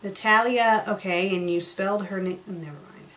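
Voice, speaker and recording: A woman's voice: medium pitch, steady tone, moderate pace, fairly bright tone. A woman reviewing fan fiction, reading passages aloud and breaking in with sarcastic, exasperated commentary.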